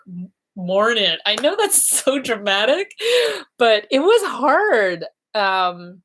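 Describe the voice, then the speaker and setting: A woman's voice: medium pitch, fairly bright tone. Woman, thirties, live-stream host, casual chat, chatty storytelling, acts out quotes. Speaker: vlogger hosting a live chat.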